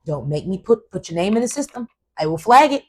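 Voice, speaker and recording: Woman host going off on a rant, loud, swearing a lot, mid-pitched voice. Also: fairly quick, slightly rough, low-quality recording. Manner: emphatic, profane, animated. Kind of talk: casual commentary rant.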